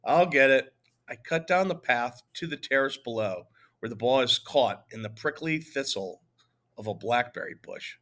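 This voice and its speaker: Man narrating a storybook, lively. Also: mid-range voice, moderate pace. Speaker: audiobook narrator. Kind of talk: first-person storybook narration.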